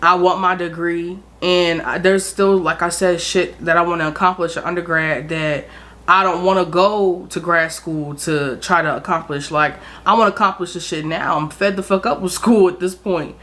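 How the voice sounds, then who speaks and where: A woman's voice: on the low side, fairly even intonation, moderate pace, fairly bright tone. A woman in her twenties from South Jersey, chatting casually and candidly to her vlog camera. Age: 20s. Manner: candid, frank, swears freely. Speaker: vlogger.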